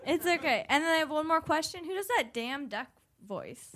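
A woman in the audience at a live podcast, an excited, giggly fan asking a question. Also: high voice, moderate pace.

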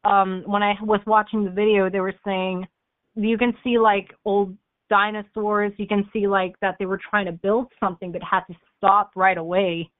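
A young woman chats as a podcast guest, telling her stories with lots of fillers and laughter. Her voice sits at a middle pitch for a woman. The sound is thin and tinny, like a phone call. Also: normal speed, dry recording. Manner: animated storyteller who laughs often, with fillers like "like" and "um". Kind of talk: casual storytelling on a podcast.

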